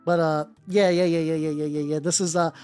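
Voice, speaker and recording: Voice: medium pitch, level tone, brisk, darkish tone, faint music behind. A miniature-painting streamer chatting casually with viewers while working, rambling with many restarts, swearing offhandedly and greeting chat by name.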